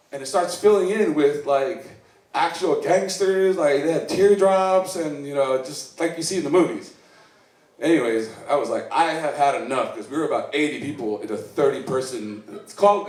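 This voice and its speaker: A man's voice: medium pitch, a little mellow. A man from Iceland doing open mic stand-up, rambling and self-deprecating, acting out the voices of the people in his stories. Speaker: stand-up comedian. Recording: echoey room recorded from a distance. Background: audience laughter.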